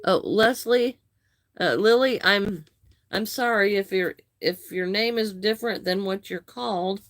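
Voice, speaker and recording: A woman hosts a live crochet stream and chats easily with her viewers, greeting and thanking them one by one. She stops and restarts her sentences now and then. Her voice sits at a middle pitch and is recorded close up with a dry sound. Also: measured pace, fairly bright tone, no echo. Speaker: livestream host.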